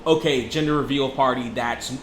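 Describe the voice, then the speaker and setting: A man's voice: medium pitch, steady tone, moderate pace, fairly bright tone, echoey room, slight background noise. A man co-hosting a casual podcast, emphatic and profane, repeating himself as he argues a point. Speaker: podcast co-host. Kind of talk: casual chat.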